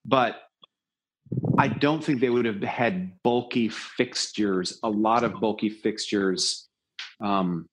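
A man's voice: on the low side, takes it slowly, slight background noise. A man in casual discussion, talking with animation and acting out lines with emphasis.

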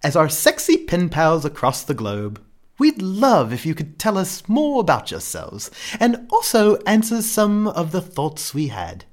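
A man's voice: on the high side, wildly swooping pitch, unhurried, voice pushed up. A man voicing a prim, fussy older British lady in a put-on Southern British accent, reading a letter. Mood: chirpy.

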